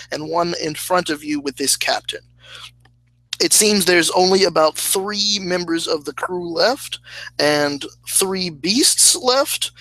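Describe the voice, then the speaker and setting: A man running a tabletop game as its game master, talking slowly with many hesitant fillers. His voice is bright and forward. The recording is close and dry, with no room sound. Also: high voice, no room sound, low-quality recording. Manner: slow, hesitant, laughs at himself.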